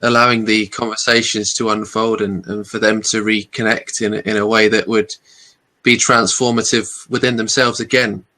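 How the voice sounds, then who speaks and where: A man hosting an interview, reflecting slowly with many pauses and restarts. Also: lowish voice, level tone, sharp tone. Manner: thoughtful, halting, with many restarts. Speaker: podcast host.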